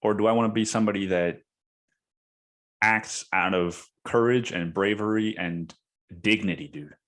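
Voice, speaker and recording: A man's voice: lowish voice, moderate pace, fairly bright tone. A man hosting a podcast, telling a story in a casual, profane way and saying "dude" often. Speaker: podcast host.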